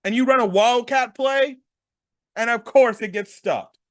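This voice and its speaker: A man's voice: very high voice, measured pace, no echo, clean studio sound. A man hosting a sports talk show, ranting through a game recap with exasperated rhetorical questions. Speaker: sports podcast host.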